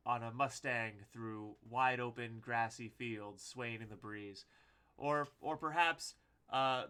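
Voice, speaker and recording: A man's voice: mid-range voice, pushed and bright. A man co-hosting a casual podcast chat, joking and mocking himself. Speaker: podcast co-host.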